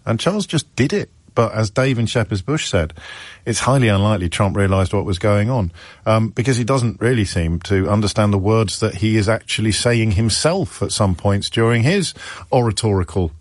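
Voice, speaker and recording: A man's voice: lowish voice, no echo. A man giving emphatic talk radio commentary, repeating phrases for force and hesitating with fillers at times.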